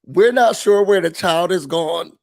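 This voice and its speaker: A man delivers a comic mock corporate briefing in a deadpan, faux-serious tone. His delivery is unhurried, his voice sits a little high, and he drops into put-on emotional breaks. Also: creaky. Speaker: host of a mock office meeting.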